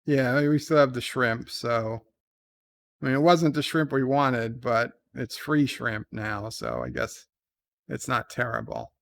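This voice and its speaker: A man's voice: mid-range voice, lively intonation, unhurried, gravelly, a bit bright, no room sound. A man hosting a casual livestream, reading advice letters and chat in a rambling, hesitant, self-deprecating way. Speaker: streamer host.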